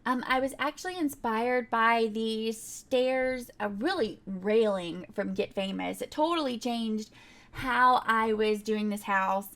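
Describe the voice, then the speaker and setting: A woman's voice: fairly high pitch, slow pace, fairly bright tone. A young woman, chatting casually in a rambling voiceover over her game build, full of fillers and little laughs. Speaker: game builder narrating a speedbuild.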